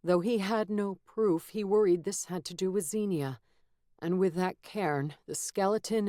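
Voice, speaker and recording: A woman narrating a fantasy audiobook in a measured, steady storytelling manner, close to a studio mic. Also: lowish voice, no echo. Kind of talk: scripted narration.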